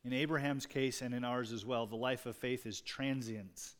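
A man's voice: medium pitch, steady tone, moderate pace. A man preaching a sermon in a conversational way, with rising emphasis on key words. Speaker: pastor. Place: church sanctuary. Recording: long reverb in a large hall.

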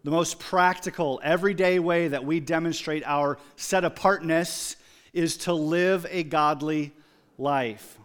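A man preaching a sermon, moving from quiet, reflective storytelling to loud, emphatic exclamations. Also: a little high, steady tone, a little slow, clean tone. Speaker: pastor.

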